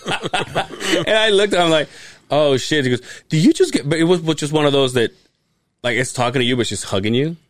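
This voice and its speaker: A man's voice: mid-range voice, brisk, slight background noise. A man, a podcast co-host telling a casual, profane story and laughing as he goes. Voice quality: animated, swears freely, laughs while telling.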